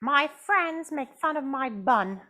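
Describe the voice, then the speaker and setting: Jasmine, a woman's high, pouty girl puppet. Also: lively intonation, slow, sharp tone, exaggerated voice. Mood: indignant. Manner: pouty, insistent and dramatic. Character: sulky, indignant young girl puppet.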